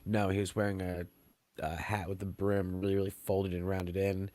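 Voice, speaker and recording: A man's voice: deep voice, little pitch movement, moderate pace, a little mellow, no echo. A man co-hosting a comedy podcast, teasing and mocking in crude, casual banter. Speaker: podcast co-host.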